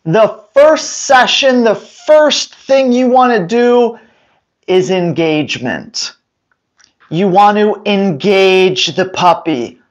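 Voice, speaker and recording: Brief: male dog trainer hosting a live Q&A, laid-back pace, animated and jokey. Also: very high-pitched. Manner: joking, animated, emphatic. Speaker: dog trainer, show host. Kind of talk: casual live-stream Q&A.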